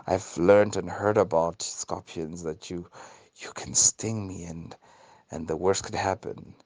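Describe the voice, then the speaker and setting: A man's voice: sits low, steady tone, unhurried, a little mellow, no room sound. A man voicing a trusting male frog in a spoken folk tale, friendly but wary.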